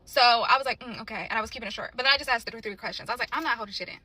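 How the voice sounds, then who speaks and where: A woman's voice: on the high side, very fast, pushed and bright, dry recording. A young woman telling a relationship story to camera in a blunt, indignant way, swearing freely.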